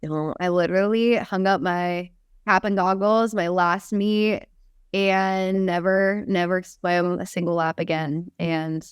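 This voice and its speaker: A young woman coach talks in a quick, chatty way, laughing often as she answers questions. Her voice is smooth and clear, recorded close and dry with no room sound. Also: medium pitch, no echo. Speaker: fitness coach and company founder. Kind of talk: casual podcast interview.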